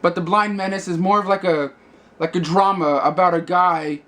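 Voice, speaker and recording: A man's voice: high-pitched, fairly even intonation, moderate pace, a bit bright. A man giving a casual movie review, rambling with many fillers and restarts.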